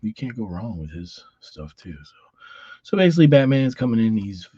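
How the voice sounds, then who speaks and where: Husky, low-voiced man reviewing comics casually. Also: sing-song, moderate pace, dry recording. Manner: rambling and profane, with lots of restarts. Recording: dull lo-fi sound.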